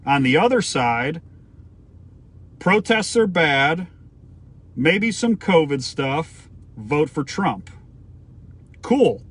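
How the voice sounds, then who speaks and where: A man's voice: a little high, big pitch swings, extremely slow, long pauses, a bit bright, breathy edge. A man from the United States giving an emphatic opinion rant to camera, firing off rhetorical questions and swearing now and then. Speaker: vlogger.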